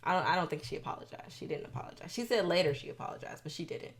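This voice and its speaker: Woman chatting a reality tv recap, kinda low voice, sassy and expressive. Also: creaky. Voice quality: expressive, sassy, with quick asides. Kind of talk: casual video recap.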